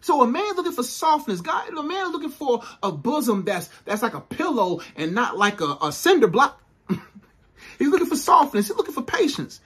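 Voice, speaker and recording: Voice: sits high, sing-song, moderate pace, fairly bright tone, husky. A speaker giving faith-based relationship advice to women in a preachy, emphatic way, repeating points and using casual slang.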